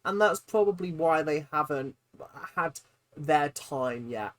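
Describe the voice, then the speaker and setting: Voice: mid-range voice, lively intonation, slow pace. Incredulous reaction host. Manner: exaggerated, incredulous, swings from loud outbursts to mutters; laughs often, swears casually. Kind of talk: comedic reaction commentary.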